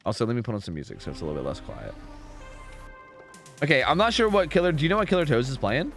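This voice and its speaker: A male streamer hosting community matches, talking casually and rambling through rules with plenty of fillers. His pitch moves a lot, lively and expressive, at an ordinary middle register. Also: fast, faint music behind. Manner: animated, rambling, full of fillers. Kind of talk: casual live-stream chat.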